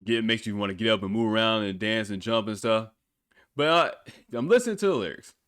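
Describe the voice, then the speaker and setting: A man's voice: lowish voice, lively intonation, brisk, a bit bright, clean tone, no echo, studio quality. A man hosting a podcast, reacting to a music video in casual, blunt, profane talk, often breaking into incredulous laughter. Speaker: podcast host.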